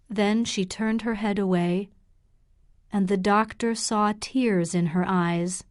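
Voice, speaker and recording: A woman narrating a graded English learner audiobook in a slow, clear, measured way. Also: mid-range voice, fairly even intonation, no room sound, studio quality.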